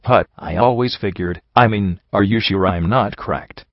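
A man's voice: fairly low pitch, moderate pace, no echo, muffled recording. A man voicing Rampage, a scared little filly. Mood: frightened. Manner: timid and shaky. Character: small, frightened, confused filly.

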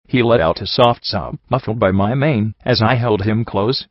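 A man narrating a first-person story in a steady, even reading voice. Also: on the low side, moderate pace, hardly any pauses, no room sound. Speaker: audiobook narrator. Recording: dry, slightly dull home recording.

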